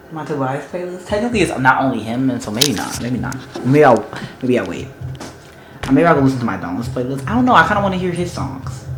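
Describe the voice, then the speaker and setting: A man chats excitedly to camera about the book he's reading, his voice sitting in the middle of the range. He gushes and piles up "like" and "y'all" as he goes. The room around him rings a little. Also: mid-range voice, slight background noise. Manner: gushing, excitable, heavy use of "like" and "y'all". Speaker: book vlogger. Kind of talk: casual reading vlog. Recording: roomy echo.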